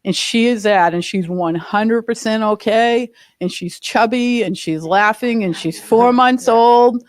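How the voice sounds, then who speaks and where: A woman's voice: on the high side, measured pace, dry recording. A woman sharing a personal story in a spiritual group, emphatic and earnest. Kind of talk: personal testimony.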